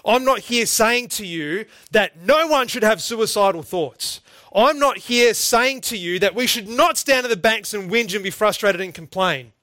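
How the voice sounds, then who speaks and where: A man's voice: high-pitched, expressive, normal speed, bright, forceful tone, no echo. A middle-aged man preaching a sermon, earnest and emphatic, often calling his listeners "folks".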